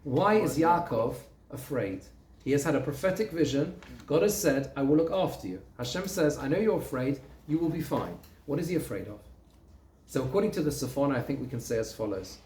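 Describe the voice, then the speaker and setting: Lively man teaching a Torah class. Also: medium pitch, a little fast, slight background noise. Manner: expressive, asks and answers his own questions, quotes Hebrew text. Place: synagogue room. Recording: echoey room.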